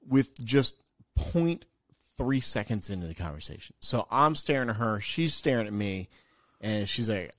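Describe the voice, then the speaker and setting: A man's voice: on the low side, animated, moderate pace, a bit bright, no room sound. A man co-hosting a podcast, telling a long casual anecdote with lots of fillers and some swearing. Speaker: podcast co-host and former radio DJ. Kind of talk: casual chat, storytelling.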